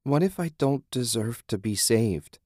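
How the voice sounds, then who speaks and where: A man's voice: medium pitch, lively intonation, measured pace, a little mellow, no room sound, clean studio sound, voice pushed up. A man voicing a weary, sarcastic young woman who has survived a nightmare, speaking bitterly in an audiobook. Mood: weary, despairing. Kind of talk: audiobook character voice.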